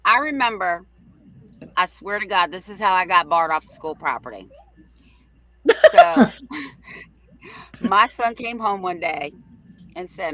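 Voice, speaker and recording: A middle-aged woman hosting a livestream, telling a story in a brash, profane, animated way. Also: fairly low pitch, low-quality recording. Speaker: host.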